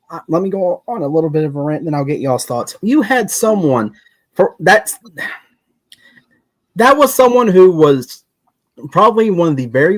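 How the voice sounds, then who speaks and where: A man with a Kentucky Southern accent hosting a casual round-table chat, talking in an animated, folksy, ranting way. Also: on the high side, dry recording. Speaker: podcast host.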